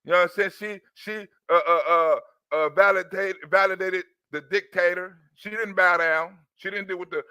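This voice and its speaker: A man hosting his own channel, his voice slightly sore after a cough, talking loosely and crudely in an animated rant to his viewers. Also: high-pitched, normal speed, clean tone, dry recording. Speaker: channel host. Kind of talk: casual political rant to viewers.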